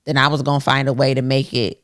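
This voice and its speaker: A woman's voice: very deep voice, quick pace. A woman co-hosting a podcast, speaking candidly in casual chat and often laughing as she tells stories. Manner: candid, laughing, animated storytelling. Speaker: podcast co-host.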